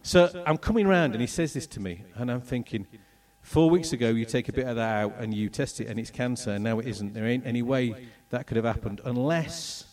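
Middle-aged man from England, animated testimony speaker, mid-pitched voice, distant mic. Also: a little fast, hardly any pauses. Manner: animated storytelling, acts out voices and moments. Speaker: speaker telling his testimony. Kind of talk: personal testimony talk with slides.

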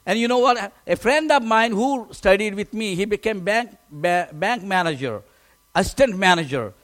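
Man, very high pitch, pastor, sermon testimony, animated, halting. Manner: emotional, animated retelling with halting restarts.

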